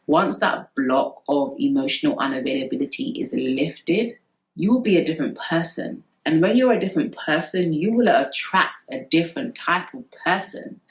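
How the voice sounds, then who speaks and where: A woman with a notably low voice talks straight to camera, giving blunt, sisterly advice about opening up. Her delivery is emphatic and candid. The sound rings around an echoey room. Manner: direct, sisterly, emphatic, addresses viewers as sis. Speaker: vlogger giving relationship advice.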